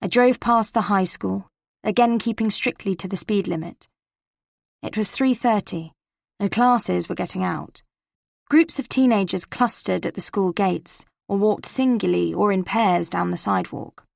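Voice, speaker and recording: Gravelly woman reading a cozy mystery. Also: mid-range voice, a little slow, darkish tone, no echo, studio quality. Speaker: audiobook narrator. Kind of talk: scripted first-person narration.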